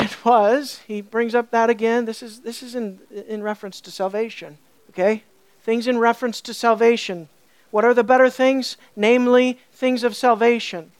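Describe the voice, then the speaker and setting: A man's voice: extremely high pitch, smooth, no echo. Male pastor, earnest expository preaching, repeats key phrases, dry recording. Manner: earnest, asks the audience questions, repeats phrases. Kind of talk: expository sermon.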